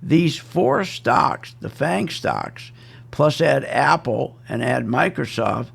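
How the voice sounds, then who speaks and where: A man's voice: medium pitch, expressive, takes it slowly, vocal fry, breathy edge. A man giving casual, emphatic and self-assured stock market commentary, repeating his points.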